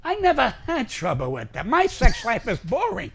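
A man's voice: very high voice, huge pitch swings, normal speed, fairly bright tone, slightly rough. An older man, a comedian guest telling brash, profane, rambling stories in an interview. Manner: brash, profane, rambling anecdotes with acted-out quotes.

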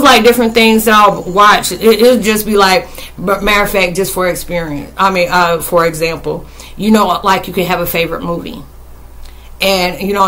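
A woman's voice: lowish voice, a bit bright. A woman vlogger talking casually to her viewers about spirituality, rambling with many fillers and restarts.

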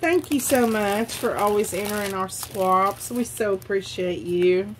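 A woman's voice: mid-range voice, unhurried, slight background noise. A woman hosting a craft channel, chatting casually and gushing over handmade cards she was sent. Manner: gushing, effusive. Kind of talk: casual unboxing chat.

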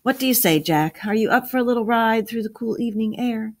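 A woman reading a story aloud and voicing a patient grandfather who calmly explains things to his grandchildren. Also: on the high side, fairly quick, no echo, clean studio sound, voice pushed up, lightly acted. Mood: gentle teasing. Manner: calm, steady explaining.

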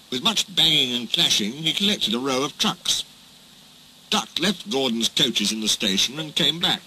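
A man narrating a children's storybook in a slow, expressive storytelling manner. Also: medium pitch, a little hiss or hum, low-quality recording.

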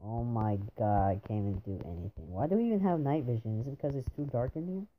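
A man's voice: medium pitch, animated, quick pace. A young man commenting on his own gameplay, frustrated and repeatedly exclaiming and groaning at his failures. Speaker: gamer. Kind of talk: gaming commentary. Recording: dull lo-fi home mic with faint hiss.

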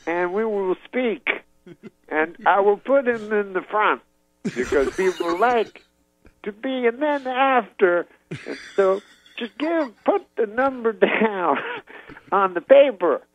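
A man's voice: sits high, animated, takes it slowly, no room sound, pitched above the performer's own voice. A man putting on the voice of an older male comedian who talks in clipped, broken half sentences. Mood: slow clipped. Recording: dull phone line.

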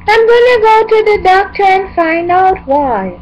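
A woman's voice: very high voice, very animated, unhurried, hardly any pauses, highs cut off, faint music behind. A woman improvising silly songs and a kids'-show parody in a playful, sing-song way, switching between talking and singing, recorded on a webcam mic at home. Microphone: webcam microphone.

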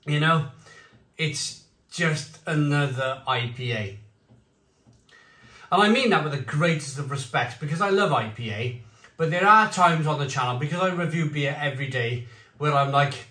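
A man reviewing beer and cheese on his channel, rambling excitedly, with bursts of shouting. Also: fairly high pitch, moderate pace, reverberant, far from the mic. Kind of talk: enthusiastic tasting vlog.

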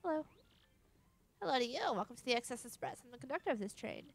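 A woman's voice: fairly high pitch, animated, fast talker, soft background music. A woman voicing a polite, fussy male train conductor. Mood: courteous. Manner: courteous, fussy.

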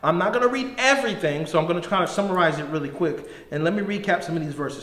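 A man in his thirties, a middle school pastor, giving a casual youth sermon in slangy, animated storytelling style. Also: high-pitched, quick pace, few pauses. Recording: echoey room with long reverb.

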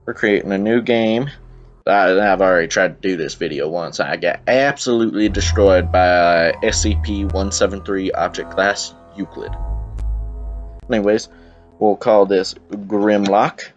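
A young man with a low voice and a Southern drawl chats his way through a game. He rambles and breaks off mid-sentence as he talks into a computer camera mic at home, with faint music behind him. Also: a little slow, muffled recording. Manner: rambling, chatty, self-interrupting. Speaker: gameplay YouTuber. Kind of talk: casual let's-play commentary.

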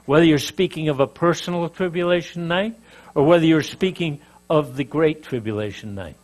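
A man's voice: fairly high pitch, normal speed. An older man from Canada teaching a sermon, emphatic, rising and dropping in volume, with asides and jokes to his audience. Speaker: preacher.

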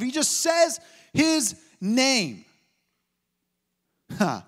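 Speaking at a moderate pace in a high-pitched voice, this thirty-something pastor is an animated, joking storyteller. He teaches as he preaches, with the sermon echoing in a hall of long reverb.

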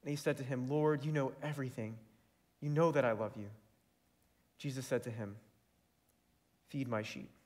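A man's voice: mid-range voice, moderate pace, pauses often, a little mellow. A young man preaching a sermon, earnest and building to fervent emphasis.

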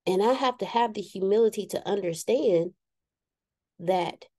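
A woman's voice: mid-range voice, moderate pace, dark tone, no echo, clean studio sound. A woman giving a frank, self-deprecating motivational talk to a live group, sometimes acting out the voices she quotes. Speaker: speaker addressing a live group.

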